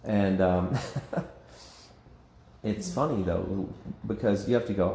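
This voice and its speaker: A man's voice: sits low, takes it slowly, long pauses, warm tone, roomy sound, a little hiss or hum. A man leading an informal Bible study discussion as pastor, conversational and self-interrupting, often laughing. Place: church meeting room.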